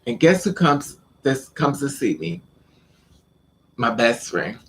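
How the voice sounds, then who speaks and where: A man's voice: mid-range voice, very animated, takes it slowly, fairly bright tone, slight background noise. A man vlogging, telling a personal story in casual, profane speech and acting out the lines of the people in it. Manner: blunt, profane, quotes people in conversation.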